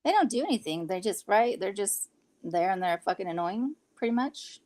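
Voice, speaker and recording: A woman's voice: medium pitch, expressive, moderate pace, darkish tone. Chatty woman with a slight Southern lilt. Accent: slight Southern-sounding lilt. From California. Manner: chatty, blunt, swears casually. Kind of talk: casual chat.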